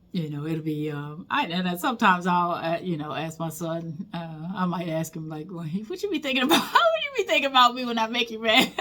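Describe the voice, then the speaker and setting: A woman's voice: mid-range voice, fairly bright tone. A woman in her fifties, a veteran teacher, talks through her passing thoughts in a loose, reflective monologue. Her delivery is chatty and folksy, full of small restarts. She keeps slipping into easy laughter at her own stories. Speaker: teacher and vlogger.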